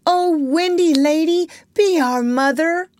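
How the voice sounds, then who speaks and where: Excitable band of little boys, put on by a woman reader for a storybook, squeaky high and loud. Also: slow, no echo. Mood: eager. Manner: excited, pleading chorus. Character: eager band of young boys pleading. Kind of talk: audiobook character voice.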